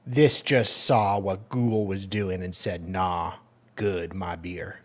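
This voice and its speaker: Man, co-host, husky, dry jokey delivery, low mock voice for quoted posts. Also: steady tone, slow. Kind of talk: casual live chat.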